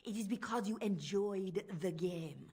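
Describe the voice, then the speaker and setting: A woman's voice: mid-range voice, measured pace, a little mellow, breathy edge. An actress with a French accent voicing a cold, manipulative woman spymistress in a video game, speaking in a silky, menacing way. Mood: taunting.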